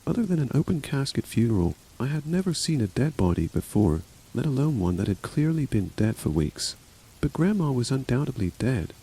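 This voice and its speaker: Over faint pattering rain, a man narrates a scripted horror story in a dark, mellow voice, his lively delivery rising and falling. He voices every character himself, lifting his pitch slightly for the frightened daughter. The low-quality recording carries slight background noise.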